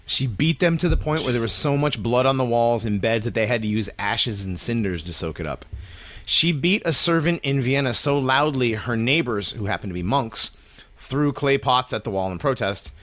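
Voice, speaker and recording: A man's voice: medium pitch, animated, normal speed, a bit bright, no room sound. A man co-hosting a casual podcast, reading out grim details in a loose, offhand way with lots of fillers. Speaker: podcast co-host.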